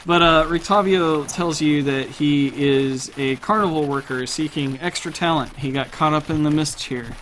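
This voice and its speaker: Guy running a tabletop game, kinda high voice, uh's everywhere, faint rain in the back. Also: normal speed, few pauses, fairly bright tone, slight background noise. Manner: casual, laughs at himself, many fillers. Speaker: game master.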